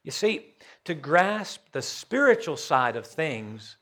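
Animated pastor preaching slowly. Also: male voice, on the high side. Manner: folksy, questioning the congregation, rising to loud emphasis. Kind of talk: sermon.

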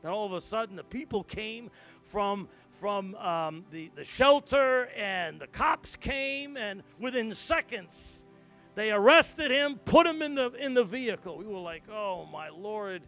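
A middle-aged male pastor preaching, his fairly high voice telling a story in hushed tones before rising to loud, emphatic calls. Soft music plays faintly behind him. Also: animated, measured pace. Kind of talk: sermon.

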